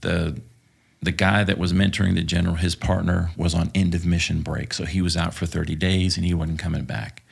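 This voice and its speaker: Podcast guest from Texas, ex-cop, husky voice, profane and halting storyteller. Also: male voice, low voice, little pitch movement. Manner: profane, hesitant with many fillers. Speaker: podcast guest, former police officer. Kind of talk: casual storytelling.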